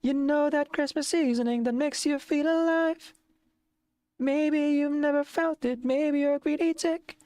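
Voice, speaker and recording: A woman's voice: sits high, steady tone, unhurried, dark tone, no echo, voice pushed up. A woman voicing a jolly, mischievous Christmas ghost who sings in a bouncy, showy way. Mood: exuberant.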